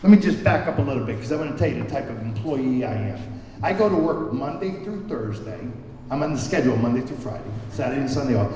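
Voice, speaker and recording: A man's voice: mid-range voice, warm tone, a little hiss or hum. A man speaking candidly and self-deprecatingly at a recovery meeting, telling a personal story and often repeating words as he searches for them. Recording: echoey hall recorded from far off.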